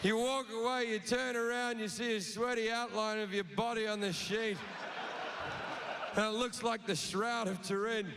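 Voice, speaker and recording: Telling a story and voicing its characters, a man delivers a crude stand-up set on a theatre stage in a high-pitched, steady voice at normal speed. The live theatre recording is reverberant, very noisy, and includes the audience.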